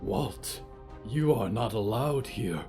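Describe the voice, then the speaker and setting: Stitched creature, stiff and formal, fearful servant, voice set a touch higher and thinner, as the storyteller puts it on. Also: male voice, lively intonation, slow pace, warm tone, soft background music. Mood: stiff, uneasy. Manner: stiff formal speech without contractions.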